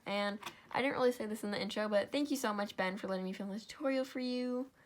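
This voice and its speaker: A woman's voice: mid-range voice, fast talker. A young woman hosting a step-by-step craft tutorial, tired and yawning, apologizing as she talks through each stitch.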